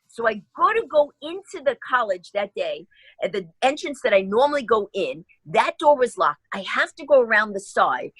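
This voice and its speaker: Husky, lively woman comedian telling stories. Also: fairly high pitch, rough recording. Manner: acts out everyone's quotes, quick and lively. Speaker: stand-up comedian guest. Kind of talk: animated storytelling in a radio interview.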